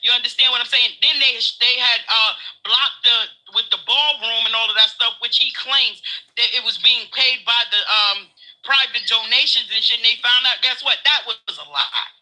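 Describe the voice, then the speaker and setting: A man's voice: very high voice, steady tone, normal speed, sharp tone, rough recording. A man co-hosting a casual political chat, profane and heated, laughing as he rants. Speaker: co-host.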